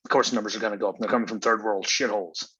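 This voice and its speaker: A man's voice: fairly low pitch, fairly even intonation, very fast, bright, forceful tone, husky, no room sound, highs cut off. A man hosting his own show, delivering an angry, profane, exasperated solo rant. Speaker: podcast host.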